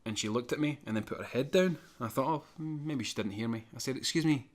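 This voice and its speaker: A man co-hosting a podcast, telling a long personal anecdote in an animated, chatty way and chuckling now and then. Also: medium pitch, fast. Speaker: podcast co-host. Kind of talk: casual storytelling.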